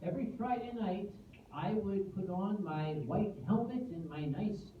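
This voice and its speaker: A man's voice: high-pitched, a little slow, a little hiss or hum. Middle-aged man telling stories in an echoey hall. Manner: animated, acts out dialogue, deadpan asides. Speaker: convention guest speaker. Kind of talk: comic storytelling speech to a live audience. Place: convention room, in front of an audience. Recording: roomy distant dull hall audio.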